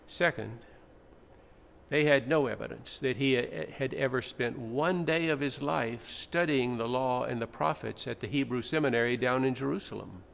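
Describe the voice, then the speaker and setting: A male pastor with a gravelly, medium-pitched voice preaches at a moderate pace in a church sanctuary. He explains like a teacher and breaks into dramatic readings. The echoey room carries faint background noise.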